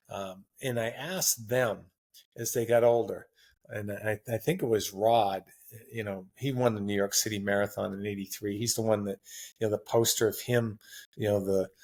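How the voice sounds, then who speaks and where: A man in his sixties chatting as a podcast guest, telling long rambling stories in a relaxed, anecdotal way. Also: lowish voice. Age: 60s. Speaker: guest marathon runner. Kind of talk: casual interview chat.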